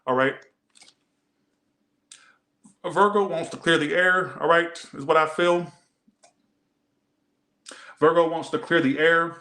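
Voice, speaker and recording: A man's voice: a little high, bright, forceful tone, reverberant. A man doing a casual tarot reading, rambling and swearing, often repeating himself. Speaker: tarot reader.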